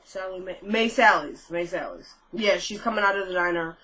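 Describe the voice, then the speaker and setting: Bright-voiced woman chatting casually. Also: fairly low pitch, normal speed, poor audio. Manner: chatty retelling, filler-heavy, laughs at own asides. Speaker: TV episode recap vlogger. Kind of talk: casual chat.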